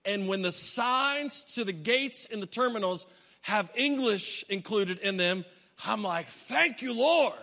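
A man's voice: high voice, a little slow, pushed and bright. A man preaching a sermon, telling a travel story with humor and acting out his own reactions. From United States. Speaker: pastor. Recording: long reverb of a large hall.

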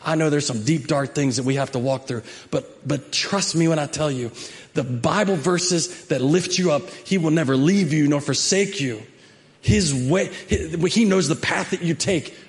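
A man with a high, bright-toned voice preaching a sermon as a pastor. He talks in an animated, emphatic way and climbs to loud peaks. He also breaks off into casual, conversational asides to the people in front of him. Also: normal speed.

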